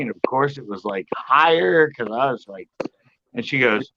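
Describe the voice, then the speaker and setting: A middle-aged man tells a long story in a loose, rambling way, jumping into other people's voices as he quotes them. His voice sits at an ordinary pitch for a man. The sound is muffled and lo-fi, with steady noise underneath. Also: moderate pace. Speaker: podcast panelist. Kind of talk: casual storytelling. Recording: muffled lo-fi audio with background noise.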